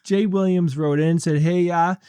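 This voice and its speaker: Man, podcast host, casual banter, slightly raised pitch, dry studio sound. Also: normal speed, clean tone, no echo. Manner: relaxed, laughs often. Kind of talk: casual panel chat, reading listener emails.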